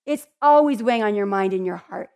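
A woman's voice: medium pitch, animated, a little fast, a little mellow. A woman giving a conversational Bible teaching in an earnest, heartfelt way, with chatty asides to her listeners.

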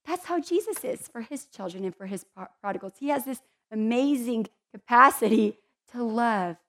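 A woman's voice: fairly high pitch, lively intonation, normal speed, fairly bright tone. A woman giving a conversational Bible teaching in an earnest, heartfelt way, with chatty asides to her listeners.

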